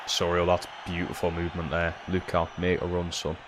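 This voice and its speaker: A man's voice: sits low, completely flat delivery, a little fast, background noise. A young Geordie man from Newcastle, streaming a football game and ranting with lots of swearing. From Newcastle, England. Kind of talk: live gaming commentary.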